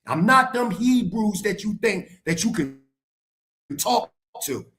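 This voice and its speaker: A middle-aged man holds forth in a heated live-stream debate, with a notably high voice for a man. He lectures forcefully and drives each point home by repeating it. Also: sing-song, slow pace. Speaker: guest speaker on a live stream.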